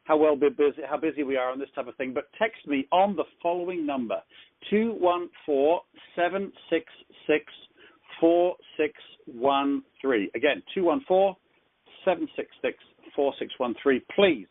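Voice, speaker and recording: Englishman hosting a call, fairly high voice, rambly and chatty, tinny phone sound. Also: normal speed. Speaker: host of a business conference call. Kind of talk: casual motivational talk.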